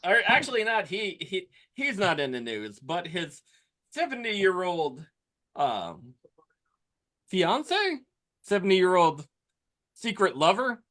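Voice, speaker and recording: A man's voice: high voice, big pitch swings, slow, pauses often, fairly bright tone. A man co-hosting a podcast, teasing and laughing often in casual banter. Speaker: podcast co-host.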